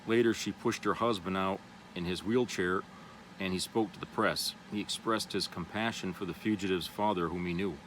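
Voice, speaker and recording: A man's voice: low-pitched, steady tone, moderate pace, a bit bright, a little hiss or hum, rough recording. A man vlogger reads an article aloud, then comments casually and loosely, with many fillers. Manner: loose and rambling, with many "you know" fillers.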